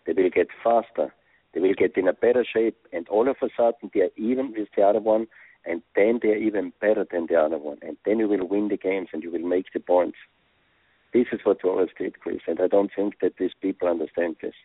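A former soccer coach being interviewed over the phone, speaking earnest English with non-native phrasing. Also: male voice, low-pitched, brisk, husky, dry recording. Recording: tinny phone line.

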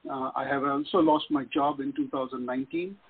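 A man's voice: mid-range voice, fairly even intonation, brisk, a little hiss or hum. Tearful man on a phone line. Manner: distressed, voice rising sharply. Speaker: caller. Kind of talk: emotional phone call-in story.

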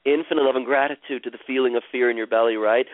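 A man guiding a caller through a healing session, slow and soothing, repeating phrases like a chant. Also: medium pitch, fairly even intonation, no echo. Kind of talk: guided therapeutic session. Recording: tinny phone-line sound, dry.

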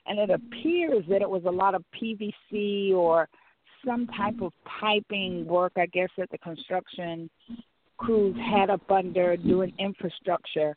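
A woman's voice: medium pitch, unhurried, dry recording. A woman co-hosting live talk radio, chatty and effusive, stretching out words for emphasis. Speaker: radio show co-host. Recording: phone-like call-in line.

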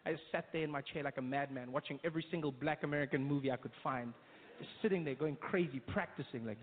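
A man with a South African accent doing stand-up comedy in animated storytelling, in tinny phone-like audio from an echoey hall. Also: a little high, noisy background. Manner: animated storytelling, quick impressions.

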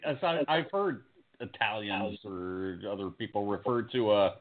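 A man's voice: on the low side, lively intonation, measured pace. A man co-hosting a podcast, bantering, swearing and throwing out questions. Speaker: podcast co-host. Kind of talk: casual profane chat. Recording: phone-like lo-fi sound.

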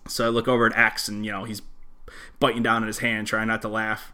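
A man co-hosting a casual podcast, telling dry, deadpan work stories and ranting about small talk. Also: fairly low pitch, brisk. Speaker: podcast co-host. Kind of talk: casual storytelling.

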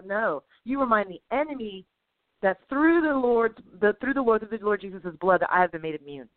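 A woman delivers lively, preachy encouragement in a casual faith podcast chat. Her voice comes through dry, with no room sound. It is squeezed thin, like a phone line. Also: mid-range voice, a little fast, no room sound. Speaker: co-host.

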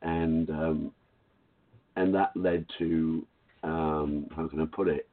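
An older man calling in to a talk radio show, telling his story in a frank, confident, unhurried way. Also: extremely low pitch, fairly even intonation. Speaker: caller. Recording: tinny phone line.

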